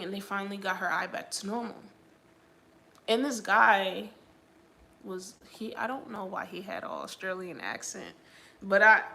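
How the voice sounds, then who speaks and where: A young adult woman hosting a livestream shares a personal faith story in a chatty, casual way, saying "like" constantly. Her medium-pitched voice is creaky, pushed and bright, with slight background noise.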